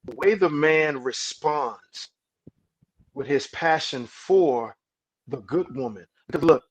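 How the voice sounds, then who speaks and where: A man speaking as a podcast guest, preachy in manner, repeating words as he builds a point and dropping low and soft when he quotes calming words. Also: slow pace, slightly rough. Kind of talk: podcast conversation.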